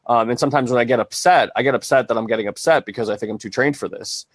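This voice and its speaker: A man's voice: medium pitch, rapid-fire, no echo. A man co-hosting a casual coaching podcast, talking in a reflective, searching way with frequent restarts and fillers. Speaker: co-host and transformation coach.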